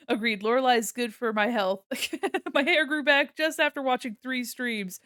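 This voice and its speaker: Her voice is fairly high, a bit bright and smooth, moving at a normal speed, captured at studio quality without echo. She streams as an illustrator, chatting casually while she draws: bubbly, giggly, gushing in her greetings and rambling with many fillers.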